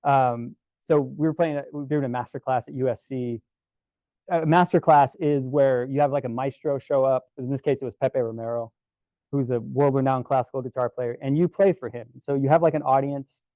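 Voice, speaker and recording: Mellow-voiced man giving a casual talk. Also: medium pitch, moderate pace, no room sound, lo-fi sound. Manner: relaxed, chatty, many fillers and restarts. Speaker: guest presenter at a camera club. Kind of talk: casual storytelling presentation.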